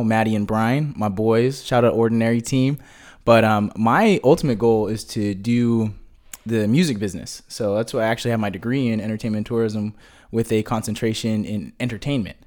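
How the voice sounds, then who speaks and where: A man's voice: on the low side, darkish tone. A young man talking casually as an interview guest, laid-back and slangy, with lots of "like" fillers. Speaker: guest, marketing business owner.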